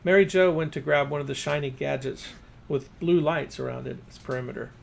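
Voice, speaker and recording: A man's voice: a little high, fairly even intonation, fairly quick, creaky. A man reading his first-person fiction aloud as narrator.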